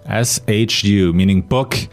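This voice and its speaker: A man's voice: fairly low pitch, takes it slowly, soft background music. A man hosting a language lesson podcast, explaining in a friendly way. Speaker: podcast host.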